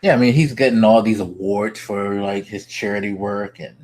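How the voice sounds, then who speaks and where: A man co-hosting a casual gaming podcast, talking excitedly with lots of swearing and fillers. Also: fairly low pitch, normal speed. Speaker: podcast co-host.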